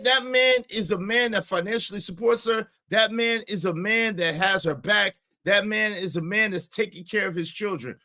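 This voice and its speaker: A man hosting a live stream, giving emphatic, repetitive commentary and shouting out supporters. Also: high-pitched.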